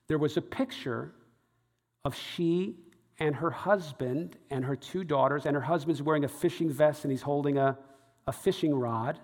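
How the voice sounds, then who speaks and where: A pastor with a fairly high voice, speaking at normal speed, delivers a sermon with a long reverb tail. He animatedly recounts a personal story, performing the voices of the people involved.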